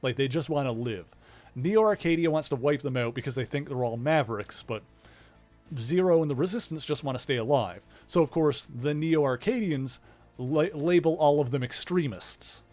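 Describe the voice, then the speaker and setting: A man's voice: on the high side, moderate pace, a little mellow, soft background music. A man casually explaining a game's story while streaming it live, rambling and greeting viewers in chat. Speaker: livestreamer playing a video game. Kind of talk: casual let's-play commentary.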